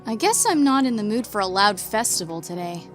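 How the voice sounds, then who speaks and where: A woman's voice: medium pitch, expressive, a little fast, soft background music, lightly acted. A woman voicing a nervous but feisty young heroine in an audiobook. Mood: annoyed. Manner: retorting, flustered.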